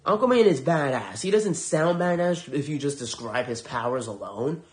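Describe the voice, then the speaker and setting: A man's voice: medium pitch, animated, moderate pace. A man hosting a podcast, reviewing shows in a heated, profane, sarcastic rant. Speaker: podcast host.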